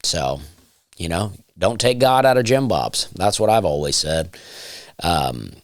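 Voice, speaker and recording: A man with a smooth, low baritone voice hosts his own comedy podcast. He rambles casually with dry, self-deprecating asides, and the sound is close and dry, with no room around it. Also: lively intonation, measured pace, no room sound. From Alabama. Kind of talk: casual solo podcast monologue. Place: home, during nap time.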